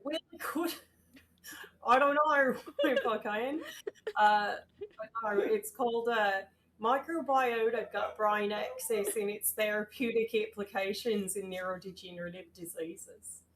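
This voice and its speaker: A woman's voice: medium pitch, measured pace, fairly bright tone, a little hiss or hum. A woman co-hosting a casual live-streamed science chat, who swears, jokes and tosses in a put-on 'mate'. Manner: swearing, jokey, slips into a put-on Aussie 'mate'. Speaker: co-host.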